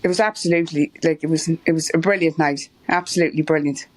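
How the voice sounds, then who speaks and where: A woman's voice: sits low, fairly even intonation, fast talker. A middle-aged Irish woman telling stories as an interview guest, rambling and laughing often. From Ireland. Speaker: marathon runner guest. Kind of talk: casual interview chat.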